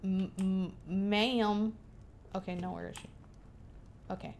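A woman's voice: medium pitch, fairly even intonation, takes it slowly, gravelly, a little mellow. A young woman streaming a game, chatting playfully to herself and to the game characters. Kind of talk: casual gameplay commentary.

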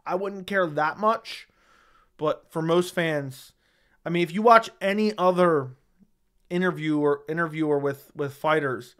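A man's voice: a little high, measured pace, a bit bright, smooth. A man hosting a casual livestream, reading viewer chat aloud and giving blunt, sarcastic, slangy replies into a studio microphone.

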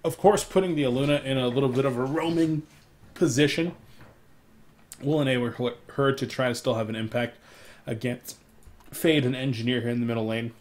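Man, young adult, esports caster, hiccups, excitable, apologetic asides, headset mic. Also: a little fast. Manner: excitable, rises sharply in loudness and pitch during fights. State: has the hiccups. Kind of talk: solo live game commentary.

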